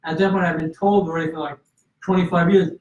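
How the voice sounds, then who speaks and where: A man telling his story in an interview, earnest and full of restarts, with a slightly high voice. He sounds roomy and a little far from the microphone, and the sound is a touch dull. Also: steady tone, fast talker. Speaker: guest.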